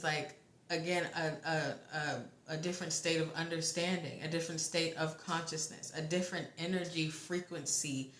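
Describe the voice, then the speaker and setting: A young woman giving a casual tarot reading, talking in a halting, rambling way with the odd swear word. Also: low voice, a bit bright, echoey room. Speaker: tarot reader.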